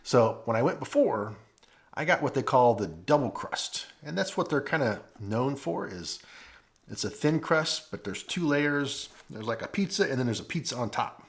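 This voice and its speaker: A chatty man with a St. talks through a food review, his pitch rising and falling a lot. He sounds folksy and easygoing, and he breaks off here and there to taste something. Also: expressive, normal speed. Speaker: food vlogger. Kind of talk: casual food review vlog. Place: at home.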